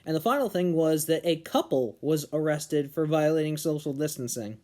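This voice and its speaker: A young man from New Hampshire delivers a casual opinion monologue on current politics. His voice sits a little high but sounds mellow and soft-edged. He slows down and punches individual words when he wants a point to land. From New Hampshire, USA. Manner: earnest, emphatic on key words, slows down to stress points. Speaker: political commentary vlogger.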